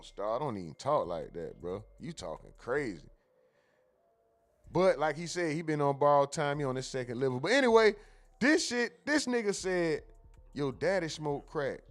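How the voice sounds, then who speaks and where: A man hosting a show, casually commenting on viral clips, often laughing and mimicking what he hears. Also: mid-range voice. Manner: laughing, joking, mimics clip lines. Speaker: show host reacting to clips.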